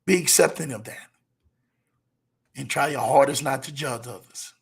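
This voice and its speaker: A man hosting a motivational talk show, repeating his key points and slowing down to stress them. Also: mid-range voice, creaky. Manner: preachy, repeats key lines, slows for emphasis.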